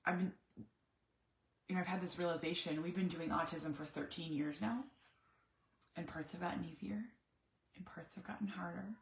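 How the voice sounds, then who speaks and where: A woman's voice: fairly low pitch, fairly even intonation, normal speed, vocal fry, long pauses, roomy sound, a little hiss or hum. A middle-aged woman, a mother of an autistic son, talking candidly in a personal vlog, reflective and searching for words with many restarts.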